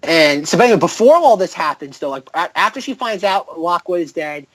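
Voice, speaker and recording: A man with a somewhat high voice co-hosts a film podcast, walking through scenes in a loose, filler-packed ramble and mocking the dialogue as he quotes it. His voice sounds dry and close, with no room around it. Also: expressive, brisk, a bit bright, no echo, rough recording. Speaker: podcast co-host. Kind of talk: casual chat.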